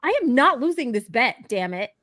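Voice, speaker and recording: A woman's voice: on the high side, big pitch swings, moderate pace, a bit bright, no echo. A woman in a casual chat, teasing and playful.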